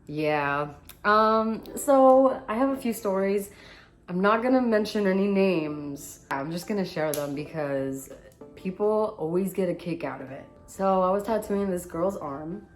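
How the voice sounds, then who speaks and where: Young woman vlogging, tattoo artist telling a story, acts out the voices, mid pitch, faint music in the back. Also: a little slow. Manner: animated storyteller, reenacts voices. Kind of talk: casual storytelling vlog.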